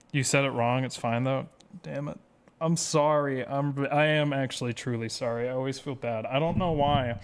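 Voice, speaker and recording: A man's voice: medium pitch, smooth. A man speedrun streamer chatting casually with his viewers, rambling and self-deprecating as he reads chat aloud.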